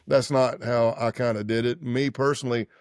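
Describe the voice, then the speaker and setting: A man's voice: mid-range voice, normal speed, dry recording, clean studio sound. A man in his fifties, a former undercover agent, telling stories casually in an interview and acting out dialogue in different voices. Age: 50s. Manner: acts out quoted dialogue in lively voices; loose, rambling, self-correcting speech.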